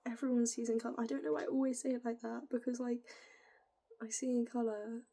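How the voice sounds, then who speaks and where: A woman's voice: on the high side, flat delivery, racing, gravelly. Giggly young woman with northern English accent. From northern England. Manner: rambling, giggly, drifts into soft whispery asides. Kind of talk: casual musing monologue.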